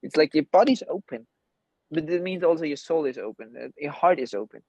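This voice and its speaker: A man's voice: fairly high pitch, fairly quick, breathy edge, dry recording. Blunt man, dull dry call audio. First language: German. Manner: blunt, swears freely, rambling and animated. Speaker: guest, men's coach. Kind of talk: casual interview on a call. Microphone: video call.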